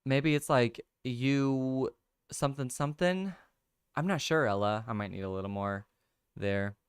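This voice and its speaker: Young guy chatting slow on stream, smooth clear voice, dry close sound. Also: mid-range voice, no room sound. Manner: thinks out loud, laughs often, reads viewer comments. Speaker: livestream host. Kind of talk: casual chat, solving a crossword with chat.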